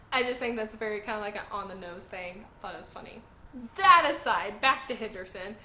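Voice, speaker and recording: A woman's voice: medium pitch, sharp tone, echoey room, slight background noise. A woman reviewing a manga series in casual chat, giggling often and saying "like" a lot. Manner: giggly, enthusiastic, says "like" a lot.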